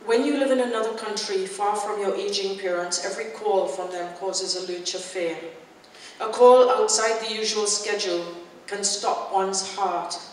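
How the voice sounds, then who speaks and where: Woman reading her story live, measured and intense, mic far off in a big echoey hall. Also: medium pitch, fairly even intonation, a little hiss or hum. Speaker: author reading her fiction. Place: festival event hall.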